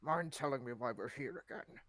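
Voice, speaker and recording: A woman doing a grumpy gruff man. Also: extremely low pitch, animated, fairly quick, fairly bright tone, dry recording. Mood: grumbling. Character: grumpy gruff man, Lysander in fan fiction.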